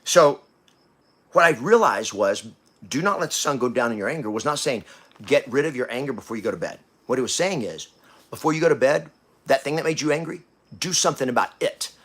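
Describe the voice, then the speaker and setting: A man hosting a podcast, giving a blunt motivational talk that swings from quiet to loud, with coarse language. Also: mid-range voice, animated, a little fast. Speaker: podcast host.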